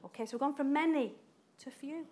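A woman preaching a sermon in an animated way, acting out quoted voices and laughing often. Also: high-pitched, brisk.

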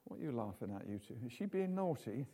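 A man's voice: medium pitch, big pitch swings, fast, mellow. A man preaching an informal sermon in a chatty, jokey way, full of tag questions.

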